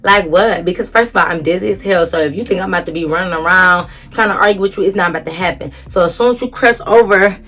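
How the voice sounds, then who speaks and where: Animated young woman telling a story. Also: fairly low pitch, quick pace, few pauses, faint music behind. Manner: animated, dramatic, acts out quotes, swears freely. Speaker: vlogger. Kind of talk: casual storytime chat.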